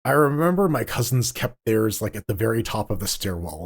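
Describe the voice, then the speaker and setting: A man's voice: fairly low pitch, big pitch swings, brisk. A man co-hosting a gaming podcast, joking crudely and reading out listener mail in casual banter. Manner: crude jokes, reads listener mail aloud. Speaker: podcast co-host.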